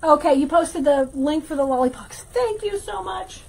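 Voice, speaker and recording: A woman hosting a casual livestream craft tutorial, chatting with viewers and thinking out loud as she works. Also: high-pitched, expressive, moderate pace, gravelly, poor audio. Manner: chatty, reads viewer comments aloud, thinks out loud while working. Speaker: wreath-making teacher and livestream host.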